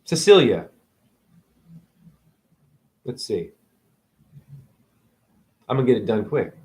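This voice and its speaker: A man's voice: medium pitch, sing-song, slow, a little mellow. A man vlogging a rambling spiritual monologue, preachy and profane. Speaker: spiritual video blogger.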